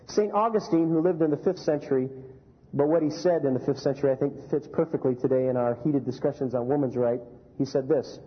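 A man preaching a sermon as a pastor, animated, telling stories and asking the congregation rhetorical questions. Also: mid-range voice, in a large hall, dull audio.

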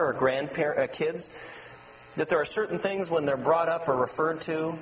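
A man preaching a sermon as pastor, telling personal stories with animation and dropping to a soft, low voice for emphasis. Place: church sanctuary. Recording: long hall reverb with faint mains hum.

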